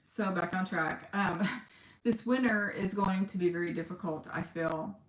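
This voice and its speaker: A woman talking in a personal video diary, on the edge of tears, halting and emotional, with sighs and pauses. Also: fairly low pitch, reverberant. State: close to tears. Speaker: vlogger.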